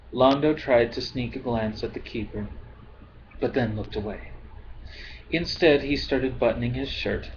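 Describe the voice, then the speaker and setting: A man reading a novel aloud in a slow, calm way, as an amateur audiobook reader. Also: mid-range voice, lo-fi sound, slight background noise. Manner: slow, calm, apologetic about his accents.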